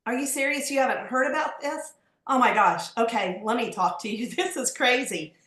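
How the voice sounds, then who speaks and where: A woman's voice: fairly high pitch, normal speed, fairly bright tone. A woman giving sales advice on a team call, upbeat and enthusiastic with evangelical phrasing. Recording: roomy call audio.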